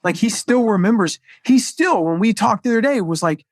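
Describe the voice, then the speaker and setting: A chatty man with a slightly raised pitch, talking casually about business in an upbeat, rambling way. The sound is close and dry, with no room around it. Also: animated, fairly quick, no room sound. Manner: upbeat, chatty, lots of fillers. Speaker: podcast host, marketing coach.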